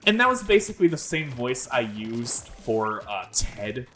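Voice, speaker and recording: A man's voice: mid-range voice, big pitch swings, a little slow, sharp tone, faint music behind. A young man hosting a gaming video, rambling in casual commentary full of fillers and swearing. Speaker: gaming channel host.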